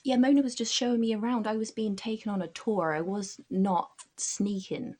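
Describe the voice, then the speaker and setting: A woman playing a tabletop game who protests quickly and defensively in character. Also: medium pitch, fairly even intonation, warm tone. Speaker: player. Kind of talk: tabletop game role-play.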